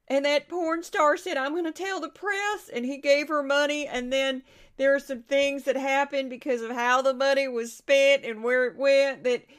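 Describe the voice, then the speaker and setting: A woman's voice: sits high, voice pushed up. A woman doing a mocking impression of a weepy, pleading male senator, sobbing through her words.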